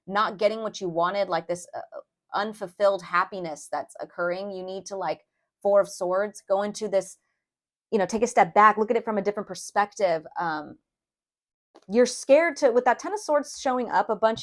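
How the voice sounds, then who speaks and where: A young woman giving a casual tarot reading to camera, chatty and loose, often calling viewers "you guys" and filling pauses with "um" and "like". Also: mid-range voice. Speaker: tarot reader.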